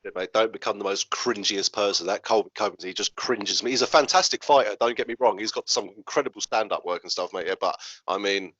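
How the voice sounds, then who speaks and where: A man's voice: lowish voice, fast talker, fairly bright tone, no echo. A man hosting a casual interview, chatty and friendly, saying "mate" a lot. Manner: chatty, matey, lots of "mate". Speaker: host. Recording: dull lo-fi sound.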